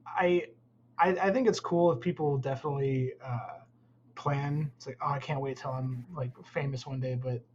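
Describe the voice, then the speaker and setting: A man's voice: mid-range voice, fairly even intonation, moderate pace, highs cut off, slight background noise. A man who works as a concept artist, speaking as a guest in a casual interview and rambling with many fillers.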